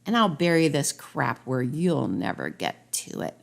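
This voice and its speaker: A woman's voice: deep voice, sing-song, unhurried, creaky, pitched below the performer's own voice, exaggerated voice. A woman voicing a sour, boastful male leader in a rhyming storybook parody, talking in a scornful, dismissive way.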